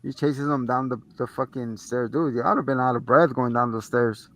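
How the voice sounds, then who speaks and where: Speaking at a moderate pace with a medium-pitched voice, this movie review co-host walks through the plot in casual conversation. His retelling is lively and profane, and he acts out the characters as he goes.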